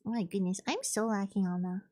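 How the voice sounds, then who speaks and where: A woman's voice: medium pitch, steady tone, quick pace, dark tone. A woman streamer chatting casually while gaming, thinking aloud and answering chat.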